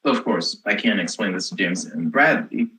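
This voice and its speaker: A young woman playing a snarky rebellious teen girl in a comic stage monologue, sarcastic and exasperated, with a lively voice. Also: very deep voice, normal speed, low-quality recording. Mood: sardonic. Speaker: student actor.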